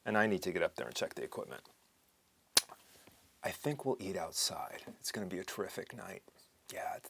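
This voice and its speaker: A man playing a wry, teasing flirt with a deep voice. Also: creaky, a bit bright. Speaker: actor in a scene. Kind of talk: stage scene acting.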